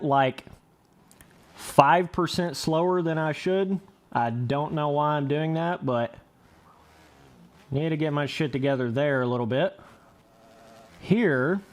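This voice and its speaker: A young man giving casual, excitable commentary over motocross gameplay, laughing and trash-talking as he rides. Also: fairly high pitch. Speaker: gaming commentator.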